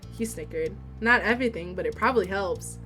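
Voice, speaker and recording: A young woman streaming a story game, reading the text and dialogue aloud in a steady voice and breaking into giggles and swearing between lines. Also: mid-range voice, a little fast, faint music behind.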